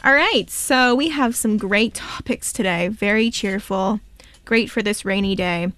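A woman's voice: mid-range voice, fairly bright tone, no room sound. A young woman hosting a student radio talk show, chatty and playful. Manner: chatty, playful, quick to laugh. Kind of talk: casual radio chat.

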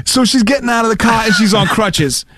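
A man, co-hosting a podcast, telling stories in an animated way and repeating his words. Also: sits high, brisk, slight background noise. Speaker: podcast co-host. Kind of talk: casual banter and storytelling.

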